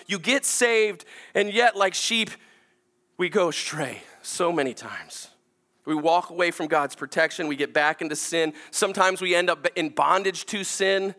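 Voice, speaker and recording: A man in his forties preaches to his congregation in a church. His voice sits high and bright. He moves from lively, self-mocking storytelling into quiet, earnest appeals. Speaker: pastor. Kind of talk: storytelling sermon.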